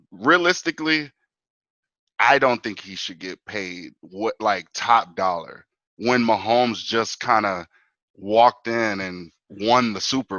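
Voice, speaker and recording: A man guesting on a sports talk show, talking as an animated fan, full of "bro" and "man". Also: fairly low pitch, no echo, low-quality recording.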